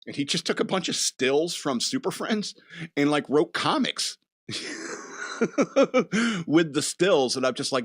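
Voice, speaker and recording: A man's voice: on the high side, expressive, unhurried, long pauses, fairly bright tone. A man hosting a casual chat show, rambling from thought to thought with chuckles in between. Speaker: podcast host.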